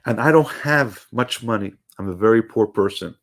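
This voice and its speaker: A man's voice: lowish voice, expressive, moderate pace. A man telling it as a humble, earnest poor teacher.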